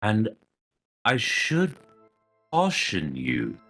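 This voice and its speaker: Aloof tower sage, female, played by a man, deep and slow, condescending, tabletop role-play with soft music. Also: huge pitch swings, full character voice. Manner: measured, cool and faintly condescending.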